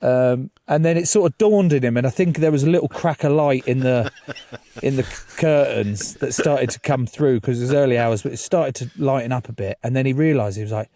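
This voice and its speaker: A man, chatting as a podcast guest. He tells his stories loosely, swearing often and laughing along the way. His voice sits at a middle pitch and is recorded with a dry, close sound. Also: fairly quick, mellow, dry recording. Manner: storytelling, swears freely, laughs through stories. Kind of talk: casual chat.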